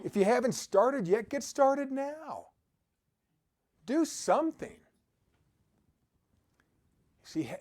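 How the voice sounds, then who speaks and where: A man's voice: high-pitched, darkish tone. A man giving an upbeat motivational talk who exhorts his listeners and often laughs. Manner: quotes scripture. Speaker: motivational speaker.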